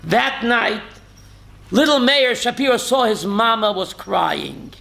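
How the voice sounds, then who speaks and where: A rabbi with a high-pitched, expressive, gravelly voice and a sharp edge takes his time as he teaches Torah. He tests his listeners by name and tells emotional stories, weaving Hebrew and Yiddish into his speech.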